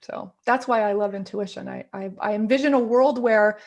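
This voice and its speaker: A woman's voice: medium pitch, normal speed, creaky, a little mellow. A woman guest in a casual interview, talking in an earnest, reflective way and often repeating words as she thinks.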